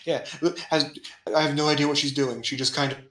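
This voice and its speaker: A man hosting a casual manga chat who laughs often and acts out scenes with quick put-on voices. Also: a little high, level tone, pushed and bright, roomy sound, rough recording. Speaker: podcast host.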